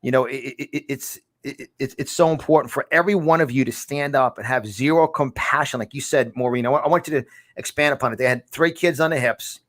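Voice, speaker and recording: A man hosting a talk podcast, speaking excitably with many restarts and repeated words. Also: mid-range voice, brisk, dry recording, studio quality. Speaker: podcast host. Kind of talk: casual talk show chat.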